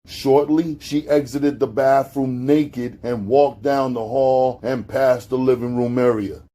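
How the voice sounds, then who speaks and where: A man narrating a gritty street novel as an audiobook, in a low-key, unhurried storytelling manner with street slang. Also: steady tone, warm tone.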